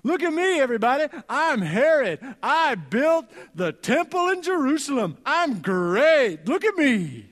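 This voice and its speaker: A man voicing a boastful, self-obsessed ancient king in a loud, goofy, showing-off way, with long hall reverb. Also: very high-pitched, big pitch swings, measured pace, few pauses, pitched above the performer's own voice, full character voice. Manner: loud bragging showoff, goofy.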